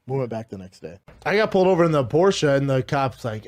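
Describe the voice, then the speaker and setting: Male podcast guest, rapid, dark-voiced storyteller in a dry clip. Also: medium pitch, no room sound. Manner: animated, profane anecdotes. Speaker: podcast guest telling stories.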